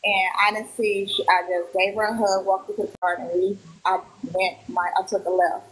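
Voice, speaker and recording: A woman's voice: mid-range voice, level tone, normal speed, fairly bright tone, poor audio. Woman, 30s, from Milwaukee, witness, casual storytelling, quoted dialogue acted out. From Milwaukee, Wisconsin. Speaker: witness guest. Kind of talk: casual live-stream storytelling.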